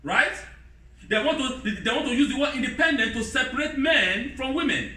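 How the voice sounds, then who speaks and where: A man preaching a sermon in non-native English with broken grammar, lively, mimicking other voices in a high pitch. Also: a little fast. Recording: roomy hall, voice from a distance.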